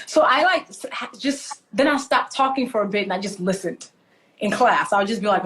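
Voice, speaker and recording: A woman from Nigeria, animated and laughing often as she tells stories in a conversational interview. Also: mid-range voice, brisk, a little hiss or hum. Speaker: author and guest.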